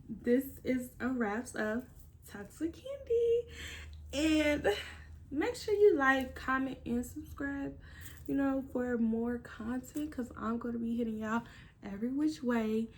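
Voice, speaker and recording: A woman vlogger telling a personal story and giving blunt relationship advice, with emphatic, animated delivery and plenty of swearing. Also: fairly high pitch, takes it slowly, long pauses, a little hiss or hum. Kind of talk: casual storytelling vlog.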